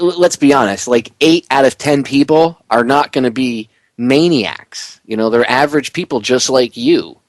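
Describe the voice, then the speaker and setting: A man's voice: medium pitch, no room sound. Male radio host, middle-aged, fired-up rant, stumbles and restarts, dry close sound. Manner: impassioned, ranting, emphatic; stammers and restarts often. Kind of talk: talk radio interview.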